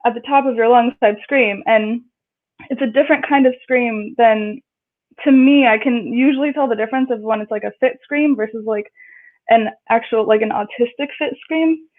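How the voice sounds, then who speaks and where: High-voiced woman on a tinny phone line. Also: normal speed. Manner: chatty, acts out quotes in raised voices. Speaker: guest. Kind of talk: casual storytelling.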